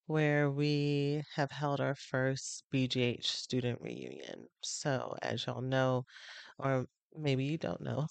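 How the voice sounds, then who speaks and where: A woman's voice: extremely low pitch, vocal fry, darkish tone, clean tone, no echo. Heartfelt woman podcast host, dry sound. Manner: emotional, pausing, heartfelt. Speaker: podcast host and love addiction coach. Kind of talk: casual personal podcast talk. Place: on location on a trip.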